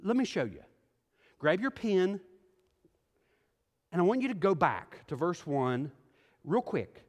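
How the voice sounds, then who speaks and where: A middle-aged male pastor preaching a sermon, moving from quiet scripture reading to emphatic exhortation. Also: high-pitched, sing-song, takes it slowly, long pauses. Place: church sanctuary. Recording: hall reverb.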